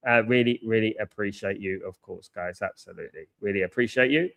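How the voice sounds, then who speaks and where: A man's voice: fairly low pitch, a little fast, gravelly, fairly bright tone. Chatty man hosting a live football watchalong. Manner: chatty, thanks viewers, repeats himself. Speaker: watchalong host.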